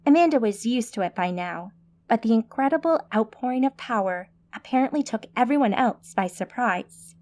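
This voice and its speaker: Woman, audiobook narration, steady, measured, fairly high pitch.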